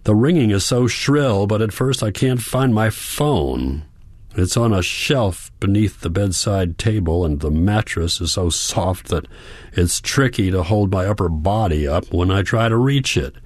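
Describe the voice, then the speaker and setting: Man narrating in first person, deep voice, calm and reflective, dry close mic. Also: measured pace, no echo. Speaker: audiobook narrator.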